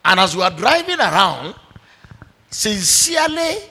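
A man's voice: high-pitched, sing-song, unhurried, vocal fry, pushed and bright, breathy edge. A man, a pastor preaching a sermon with animation and acting out the dialogue of a story. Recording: echoey hall with long reverb.

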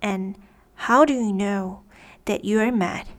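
A woman's voice: medium pitch, slow pace, close to an everyday voice. A woman voicing a polite, curious young girl who keeps asking questions. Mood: questioning.

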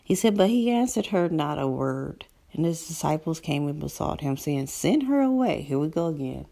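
A woman preaching a sermon in a conversational, animated way, asking rhetorical questions and dropping to a soft whisper for emphasis. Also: low-pitched, normal speed, vocal fry.

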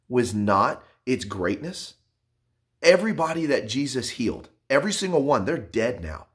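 Male pastor, earnest sermon delivery, mid pitch, sinks to a soft hush. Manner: earnest, pleading, drops to soft hushed tones.

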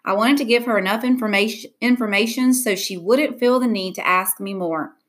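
A woman narrating a first-person audiobook with an expressive, lively reading. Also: on the high side, fairly quick.

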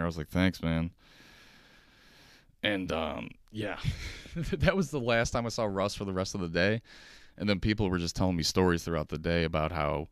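Deep-voiced young man rambling casually. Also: clear, resonant tone, no echo, clean studio sound. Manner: loose, profane, rambling with laughs. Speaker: podcast host. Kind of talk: casual solo storytelling. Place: kitchen at home.

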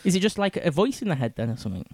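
A man's voice: sits high, very animated, rapid-fire, a little mellow, dry recording. A man on a podcast, curious and questioning, swearing and laughing easily. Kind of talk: casual chat.

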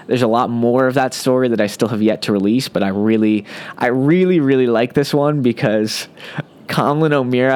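A man hosting a podcast, reading aloud from his own comic science-fiction story in a playful, wisecracking manner. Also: mid-range voice. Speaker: podcast host and fiction author.

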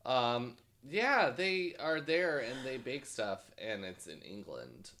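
A man's voice: mid-range voice, sing-song, slow pace, sharp tone. A man co-hosting a casual podcast, trading wisecracks and teasing his co-host.

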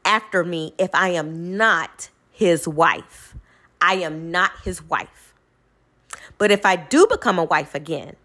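A woman speaking in a casual storytelling monologue, emphatic and animated, and she repeats her points for stress. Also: medium pitch. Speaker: vlogger; caregiver in medical field.

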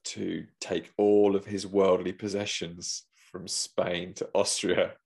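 A man's voice: low voice, flat delivery, slow pace, gravelly, darkish tone, husky. A man in casual chat, telling a story animatedly and acting out the voices of the people in it.

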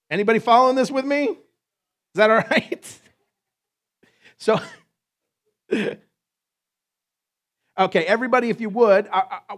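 Upbeat, joking high-voiced male pastor. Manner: playful, joking preacher with quick asides. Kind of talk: sermon.

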